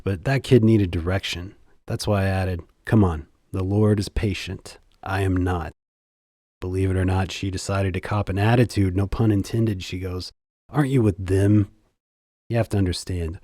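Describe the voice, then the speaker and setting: A man giving a scripted comic narration in the first person, deadpan and sardonically boastful. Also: fairly low pitch, dry recording, clean studio sound.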